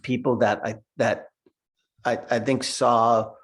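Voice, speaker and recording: A middle-aged cartoonist guest tells stories in a casual video-call interview, laughing often and repeating words. His voice sits at medium pitch, with a slow, flat delivery.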